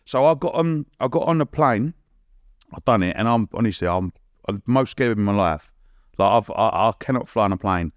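A man's voice: fairly low pitch, brisk, no echo. A young man, a podcast guest telling stories in a chatty way, full of slang, banter and laughter. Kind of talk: casual storytelling.

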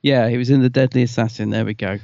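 A man co-hosting a podcast, chatting casually and excitedly and laughing often. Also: medium pitch, quick pace, creaky, dry recording, lo-fi sound. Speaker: podcast co-host. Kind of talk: casual chat.

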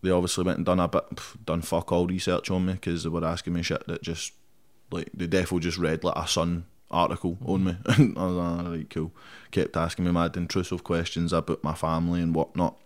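A man's voice: low-pitched, monotone, fairly quick. A young Scottish man, a rapper guest in a casual interview, talking bluntly and defiantly with heavy swearing and constant "mate". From Scotland.

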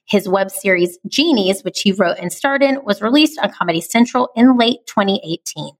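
A woman's voice: mid-range voice, animated, normal speed, dry recording. A woman hosting a podcast, with a nasal twang and an upbeat, playful way of talking. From American South and Midwest. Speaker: podcast host. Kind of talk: podcast intro and host talk.

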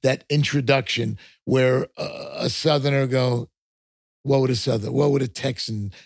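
An older man with a New York accent, chatting casually on a podcast as the host's father, rambling with halting restarts. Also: mid-range voice, fairly even intonation, gravelly, dry recording, studio quality. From Long Island, New York.

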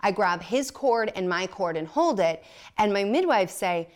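A woman's voice: medium pitch, lively intonation, measured pace. A woman guest on a podcast telling a personal story candidly, blunt and self-mocking, often laughing.

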